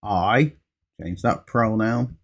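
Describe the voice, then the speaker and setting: A man's voice: fairly low pitch, slow pace, muffled recording. A man teaching an English speaking lesson, patiently modelling example answers and stressing key words. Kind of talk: slow, patient ESL lesson.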